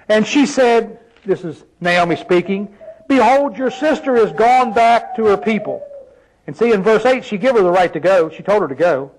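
A man with a notably high voice delivers an emphatic sermon. He reads scripture, then keeps turning to his listeners with rhetorical questions. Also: low-quality recording. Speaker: preacher.

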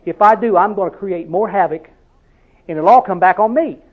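High-voiced man preaching over a tinny line. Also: normal speed. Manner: drives points home with repeated "See?" questions; storytelling, conversational. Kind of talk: sermon.

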